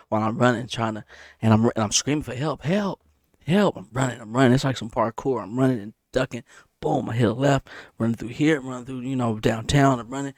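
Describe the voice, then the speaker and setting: A man casually telling a story about a dream, animated and repetitive, punctuating it with sound effects. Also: no room sound, clean studio sound. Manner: animated, repeats himself, sound effects like boom. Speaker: vlogger.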